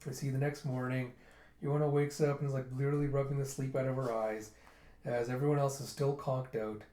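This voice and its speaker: A man's voice: medium pitch, flat delivery, a little fast, dark tone. A man casually retelling a comic during a readthrough, with offhand asides. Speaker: manga reviewer. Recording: roomy echo.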